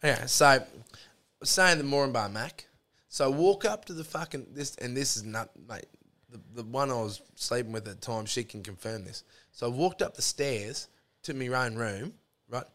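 An Australian-accented man guests on a podcast, telling crude, profane stories in casual conversation and acting out both sides of the arguments. His mid-range voice is a bit bright and moves at normal speed.

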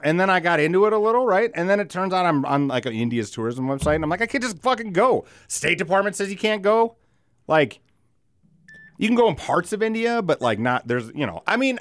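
A man's voice: sits high, fairly bright tone, no echo, studio quality. A man co-hosting a podcast in casual chat, rambling and profane, often breaking into laughter. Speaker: podcast co-host.

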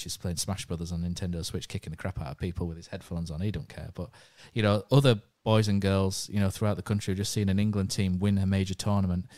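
A man's voice: low voice, a little mellow, dry recording, studio quality. A man hosting a casual podcast, chatting in a rambling way and telling stories. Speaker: podcast host.

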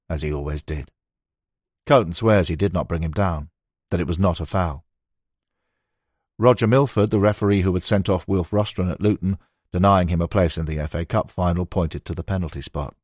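A man reading a nonfiction book aloud in a measured, storytelling manner. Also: low voice, darkish tone, no room sound, clean studio sound. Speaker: audiobook narrator. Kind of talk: scripted nonfiction narration.

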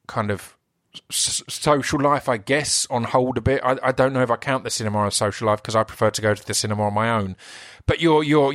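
A man's voice: lowish voice, fairly bright tone, no echo, studio quality. A man with an Essex accent hosting his own podcast in an enthusiastic, rambling way, often breaking off and restarting. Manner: enthusiastic, rambling, self-interrupting. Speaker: podcast host and actor. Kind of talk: solo podcast intro.

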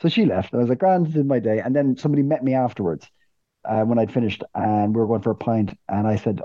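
An Irish man co-hosting a podcast, telling stories in casual chat, animated and cursing freely. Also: fairly low pitch, fast talker, muffled recording. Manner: animated, swears freely, repeats words while storytelling. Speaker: podcast co-host.

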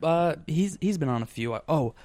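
A man's voice: fairly high pitch, lively intonation, normal speed, darkish tone, no room sound. A man hosting a podcast in casual chat, rambling with lots of fillers and restarts. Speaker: podcast host.

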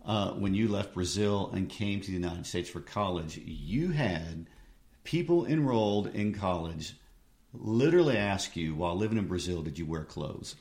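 Deep-voiced man in a roomy space. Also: expressive, normal speed, darkish tone. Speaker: host. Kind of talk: conversational interview. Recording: roomy echo.

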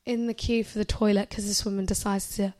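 A woman, co-hosting a podcast and telling an animated story, laughing often. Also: medium pitch, brisk. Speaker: podcast co-host. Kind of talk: casual chat.

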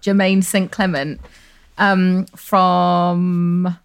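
A woman's voice: lowish voice, level tone, very slow, creaky, clean tone. A woman co-hosting a podcast in casual chat, bubbly and giggly as she tells stories. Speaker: podcast co-host.

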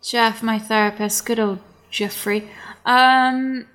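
A woman's voice: on the high side, steady tone, takes it slowly, crowd noise. A woman co-hosting a podcast, chatting casually, swearing freely and mimicking people. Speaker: podcast co-host. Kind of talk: casual chat.

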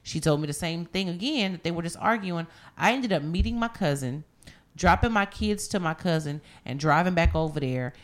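A woman in casual chat, telling stories with heavy profanity and animated, rising outbursts. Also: fairly low pitch, normal speed.

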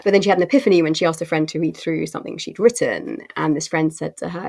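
A woman's voice: sits low, fast talker, vocal fry, few pauses, a little mellow. A woman executive giving expansive, articulate interview answers with frequent fillers and restarts. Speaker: company co-CEO guest.

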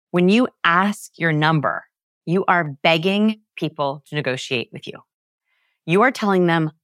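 A woman guest on a podcast, explaining research with emphatic, animated storytelling and big pitch swings. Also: fairly quick, dry recording, clean studio sound. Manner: lively, emphatic, swings pitch high to act out examples.

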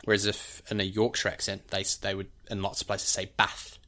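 Speaking quickly in a low, monotone yet bright and forceful voice, a New Zealand-accented man takes a teacherly approach on a podcast, casually explaining things and demonstrating speech sounds.

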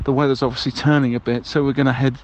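A man's voice: mid-range voice, level tone, racing, a little hiss or hum, poor audio. A man leaving rambling, cheerful voicemails as a balloon ride passenger, with many hesitations. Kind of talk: comic voicemail monologue.

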